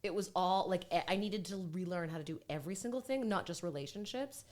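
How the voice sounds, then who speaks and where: A woman talks as a guest in a loose, candid way, often poking fun at herself. Her voice sits a little low for a woman, and she is chatty throughout. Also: fast, darkish tone. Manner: chatty, candid, self-mocking. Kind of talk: casual chat.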